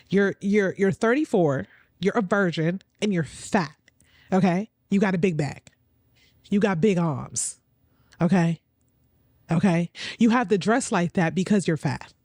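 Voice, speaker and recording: Blunt, animated woman reacting to a clip. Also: fairly low pitch, no echo. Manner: blunt, profane and laughing often. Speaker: reaction video host. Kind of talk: casual reaction commentary.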